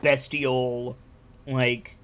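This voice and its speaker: Talking very slowly in a medium-pitched, level voice that is clean and slightly bright, a live-streaming man rambles about a game. The casual chat is enthusiastic, with free swearing.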